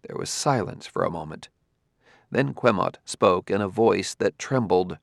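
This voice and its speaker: A man narrating an audiobook in a measured, steady reading style. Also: deep voice, gravelly, no echo, clean studio sound. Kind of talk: scripted narration.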